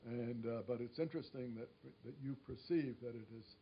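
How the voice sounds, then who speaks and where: Halting man questioning a panel. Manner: halting, measured, many restarts. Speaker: audience questioner, senior advisor. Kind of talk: public discussion. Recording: dull lo-fi recording with faint rumble.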